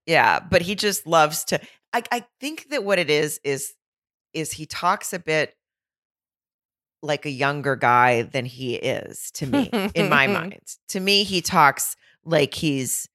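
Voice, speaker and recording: Woman, podcast co-host, low bright voice, animated incredulous chat, dry sound. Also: slow pace, no room sound. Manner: animated, incredulous, laughs often. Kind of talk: casual reality TV recap chat.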